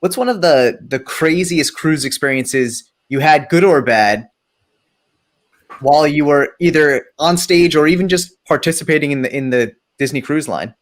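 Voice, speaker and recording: A man's voice: on the high side, normal speed. A man hosting a podcast, asking a guest a long, rambling question full of fillers. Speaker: podcast host. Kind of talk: casual interview.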